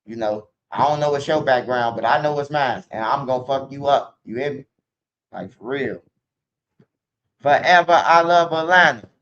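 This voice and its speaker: A man's voice: medium pitch, normal speed. A man talking casually to the camera in a rambling, profane street manner, recorded with dull lo-fi sound.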